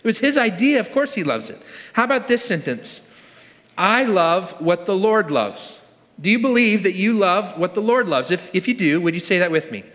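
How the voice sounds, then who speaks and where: A man's voice: high-pitched, animated, moderate pace, fairly bright tone. A man preaching a conversational sermon to a congregation, leading them in call-and-response. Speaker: pastor. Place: church hall with congregation. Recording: long reverb of a large hall.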